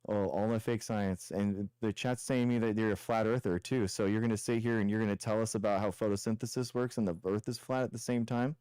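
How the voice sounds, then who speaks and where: A man's voice: lowish voice, fairly even intonation, brisk, few pauses, warm tone, clean tone, no room sound. Mocking young male stream host. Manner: combative, mocking, repetitive taunts. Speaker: show host debating callers. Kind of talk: heated live-stream debate.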